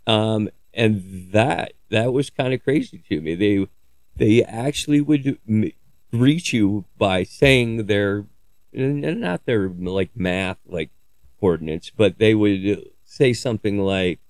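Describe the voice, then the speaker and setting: A man's voice: lowish voice, slow pace, a little mellow, no room sound. A man talking in a casual, rambling monologue, joking crudely and swearing freely as he digresses. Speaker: podcaster.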